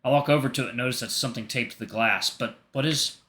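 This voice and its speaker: A man's voice: mid-range voice, fast talker, bright, forceful tone. A gaming streamer, a man, reading a story game aloud and breaking off for playful, jokey asides. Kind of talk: reading a visual novel aloud with commentary.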